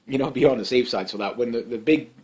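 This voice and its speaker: A man's voice: medium pitch, fast talker, darkish tone. A man giving casual monologue commentary, rambling and heated, with many fillers and restarts. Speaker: political commentator.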